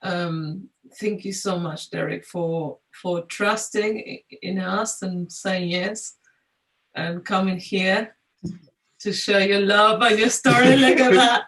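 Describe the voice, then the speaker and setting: Soft, hesitant host far from the mic. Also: medium pitch, steady tone, slow. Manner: soft, hesitant, many fillers. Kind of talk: thanking a guest.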